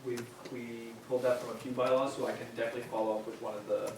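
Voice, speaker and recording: A man on municipal staff explaining a bylaw at a council meeting, with frequent pauses and fillers. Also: medium pitch, level tone. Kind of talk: formal meeting presentation. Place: council chamber. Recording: echoey chamber, distant mic, faint noise.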